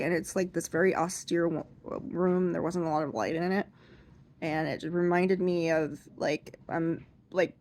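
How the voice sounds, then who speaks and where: A young woman doing seated stand-up. She rambles through an anecdote with many restarts and fillers, and jumps into high, loud voices when she acts out other people. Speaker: stand-up comedian.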